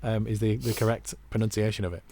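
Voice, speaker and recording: Low-voiced man in chatty football talk. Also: flat delivery, quick pace, dark tone, dry recording. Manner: chatty, rambling, self-mocking. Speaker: podcast co-host. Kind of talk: casual football podcast chat.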